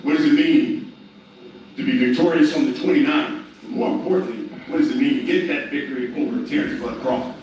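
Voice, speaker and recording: A man's voice: mid-range voice, fairly quick, darkish tone. A man moderating a press conference, asking probing questions of the fighters. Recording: echoey hall from far off with faint noise.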